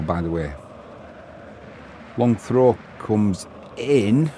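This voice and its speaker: Low-voiced English bloke chatting on a stream. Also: male voice, unhurried, a little mellow, a little hiss or hum. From England. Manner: chatty, bantering, reads viewer messages aloud. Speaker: live match commentator and stream host. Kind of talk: casual live-stream commentary with chat banter.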